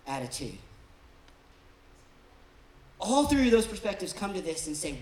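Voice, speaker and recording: A pastor delivers a sermon in a conversational way, now and then acting out the people being described. The voice sits at a middle pitch. It carries the roomy echo of a church hall. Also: animated, normal speed. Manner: conversational, acts out quoted people in different voices. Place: church auditorium.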